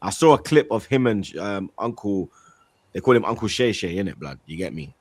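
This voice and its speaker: A man co-hosting a football podcast, talking in animated, slangy casual chat. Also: on the low side, normal speed.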